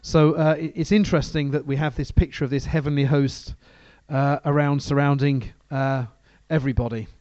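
Guy giving a sermon in church, mellow voice, dry and a bit lo-fi, keeps restarting his sentences. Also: a little high, steady tone, normal speed, few pauses, no echo. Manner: conversational, hesitant, frequent restarts. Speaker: preacher. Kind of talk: sermon with bible reading.

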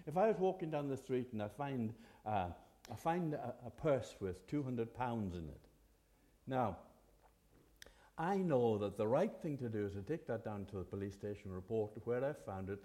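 Male preacher, earnest and chatty, restarts a lot, mellow warm voice. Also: mid-range voice. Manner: earnest, conversational, with hesitant restarts. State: occasional cough. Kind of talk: sermon.

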